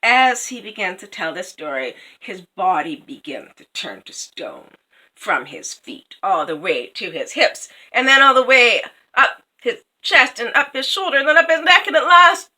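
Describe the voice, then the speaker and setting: Lively, bright-voiced woman telling a fairy tale. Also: on the high side, normal speed, rough recording. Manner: chatty, lots of fillers and asides. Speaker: storyteller. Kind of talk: casual fairy tale retelling.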